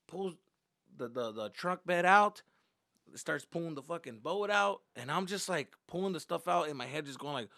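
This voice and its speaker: A male comedian tells a story in an animated, profane way, now and then slipping into Spanish. His voice is bright, tense and a little high. The sound is dry and close. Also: moderate pace, gravelly, no echo. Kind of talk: stand-up style storytelling.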